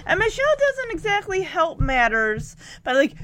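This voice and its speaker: Woman, casual recap host, high bright voice, swings all over. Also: moderate pace, no echo. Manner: animated, chatty, laughing. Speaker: show recapper.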